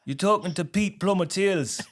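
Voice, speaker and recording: High-voiced man making a prank call. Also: a little fast. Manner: straight-faced fake recruiter, teasing. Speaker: podcast host. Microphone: podcast studio mic.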